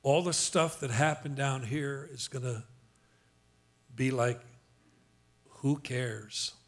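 Emphatic preaching pastor, a man. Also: mid-range voice. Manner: emphatic preaching, calls on the congregation to repeat lines; slows for dramatic scripture reading. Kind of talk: sermon.

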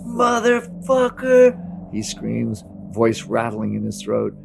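A man reading a novel aloud as narrator, in a steady, dramatic audiobook delivery. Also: lowish voice, moderate pace, creaky. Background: music.

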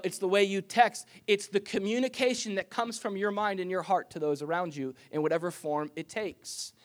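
A man preaching a sermon to his church as pastor, in a conversational style that mixes personal stories with scripture. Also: high-pitched.

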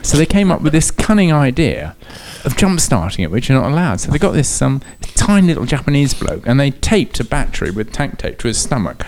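A man's voice: medium pitch, brisk, few pauses, a little hiss or hum. A man, a racing driver guest, telling a comic anecdote and laughing often as he goes. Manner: laughing often, lively storyteller.

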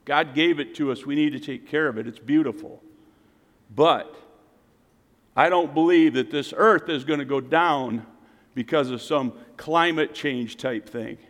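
A pastor preaching to his congregation, swinging between loud emphatic calls and quiet, low asides. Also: measured pace. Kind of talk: sermon. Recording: reverberant hall.

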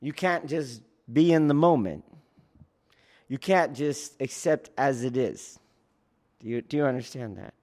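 A man, a police academy instructor, explaining training in a casual teaching talk, checking in often with his listeners and acting out loud shouts. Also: mid-range voice, measured pace, pauses often. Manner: keeps checking in with "do you see?"; acts out trainees and yelling officers in sudden loud bursts.

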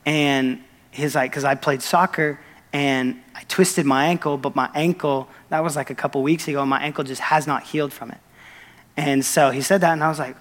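A young man preaching a sermon, telling a story with quoted dialogue in an earnest, excited manner. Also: fairly high pitch, a little fast. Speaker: pastor. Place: church sanctuary. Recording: long reverb of a church hall.

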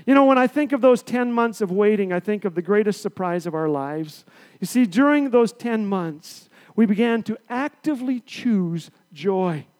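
High-pitched man preaching with lively swings. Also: moderate pace. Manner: lively, swings between loud bursts and hushed asides. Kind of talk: sermon with storytelling.

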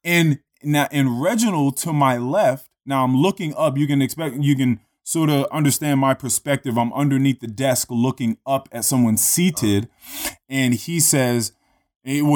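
A man casually telling a long story in a relaxed, profane way, full of fillers like "you know" and "like". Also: medium pitch, normal speed.

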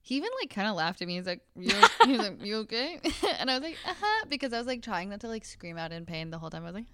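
A woman's voice: medium pitch, animated, rapid-fire, a bit bright, slight background noise. A woman hosting a podcast, chatting candidly and laughing often as she acts out quotes. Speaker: podcast host. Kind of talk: casual chat.

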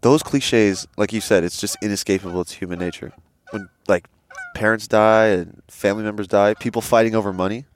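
A young man co-hosts a laid-back podcast over a headset, telling stories packed with swearing and quotes he acts out animatedly. He talks fairly quickly in a fairly low voice.

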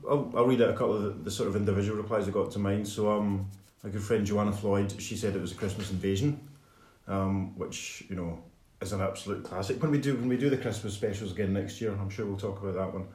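A man co-hosting a podcast in casual chat, giving friendly shout-outs to listeners. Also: on the low side, fairly even intonation, fast talker, reverberant, faint music behind. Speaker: podcast co-host.

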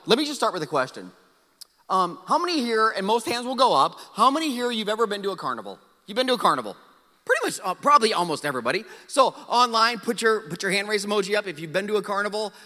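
Middle-aged pastor guy telling a funny story at church, highish voice, echoey hall. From South Dakota, USA. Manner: animated, self-mocking, acts out his own past lines. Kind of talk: storytelling sermon. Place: large church auditorium. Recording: hall reverb.

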